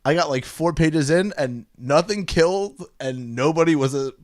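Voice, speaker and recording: A man's voice: fairly high pitch, normal speed, darkish tone, no echo, clean studio sound. A male host in casual comedic chat, teasing and laughing often while reading aloud.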